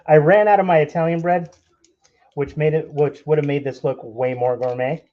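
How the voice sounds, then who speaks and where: A man's voice: fairly high pitch, steady tone, moderate pace, lo-fi sound. A young man hosting a live cooking stream in his kitchen, chatting and joking with viewers as he works. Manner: chatty, jokey, talks to viewers while cooking. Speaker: cooking channel host. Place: home kitchen.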